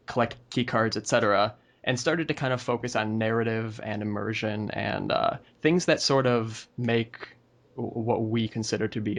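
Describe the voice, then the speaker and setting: A man's voice: medium pitch, fairly bright tone. A man hosting a casual podcast chat, easygoing and hesitant, with many filler words. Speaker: podcast host.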